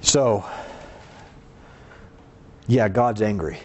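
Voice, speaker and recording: A man preaching a sermon and reading scripture aloud, earnest, asking rhetorical questions and dropping low and slow to stress a point. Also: a little mellow, slight background noise.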